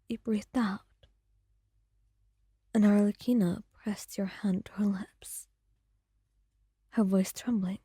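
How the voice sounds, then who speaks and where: A woman narrating a story in a soft, hushed whispered role-play. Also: mid-range voice, fairly even intonation, slow, long pauses, breathy edge, dry recording, studio quality.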